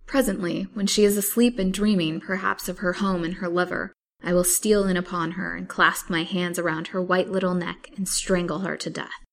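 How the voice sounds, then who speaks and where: A woman's voice: lowish voice, fairly even intonation, moderate pace, vocal fry. Woman voicing a fierce old witch wife. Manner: stubborn, fierce, grim.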